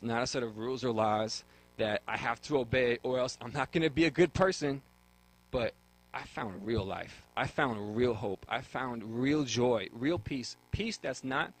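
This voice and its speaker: A man's voice: mid-range voice, rough recording. Earnest young man sharing his faith. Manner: earnest, repeats words when starting a thought. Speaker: guest sharing his testimony. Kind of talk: earnest faith testimony on talk radio.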